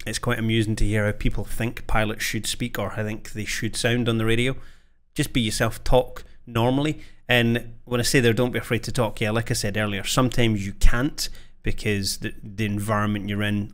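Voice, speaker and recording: Laid-back guy, fighter controller, reacting to his old clip with self-mockery. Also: lowish voice. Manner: relaxed, self-deprecating. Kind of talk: commentary on an old video.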